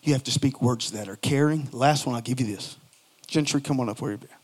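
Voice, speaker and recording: A male pastor preaching to a congregation, swinging between loud emphatic bursts and soft, low asides, and acting out quoted lines in mocking voices. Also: brisk. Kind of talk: sermon.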